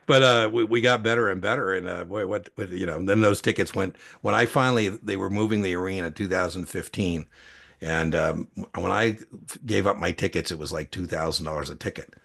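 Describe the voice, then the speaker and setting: A middle-aged man with a low, gravelly voice tells long anecdotes in loose conversation. His speech rambles, with frequent fillers and false starts, and his tone has a husky edge. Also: brisk, fairly bright tone. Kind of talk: casual storytelling.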